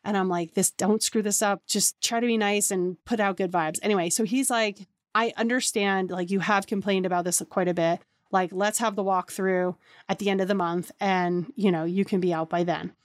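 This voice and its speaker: Woman, 30s, podcast host, casual storyteller, animated quotes, dry booth sound. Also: mid-range voice, moderate pace, dry recording. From New York area. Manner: chatty, acts out quoted dialogue with lots of "like".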